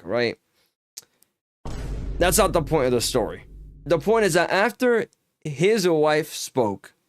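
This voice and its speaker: A man's voice: on the high side, no echo, clean studio sound. A young man streaming and chatting casually while gaming, ranting heatedly with lots of swearing and filler words.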